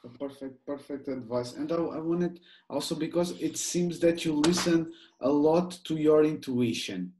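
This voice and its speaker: A man's voice: a little high, normal speed, hardly any pauses, darkish tone, a little hiss or hum. A male interviewer who asks thoughtful questions, searching for his words as he goes. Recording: roomy echoey sound.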